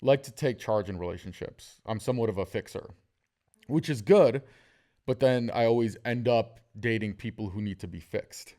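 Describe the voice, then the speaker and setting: A man's voice: fairly low pitch, moderate pace, dark tone. A man hosting a casual podcast, telling jokey stories and acting out the people in them. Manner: storytelling, jokey, acts out quotes. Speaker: podcast host.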